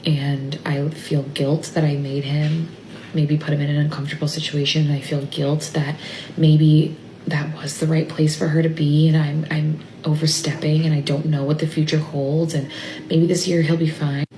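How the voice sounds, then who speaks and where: A tearful woman recording a personal video diary, talking haltingly and trailing off into near-whispers. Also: low voice, little pitch movement, mellow, roomy sound, a little hiss or hum, poor audio. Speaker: mother vlogging about family illness. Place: stepped away from her workplace. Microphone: phone.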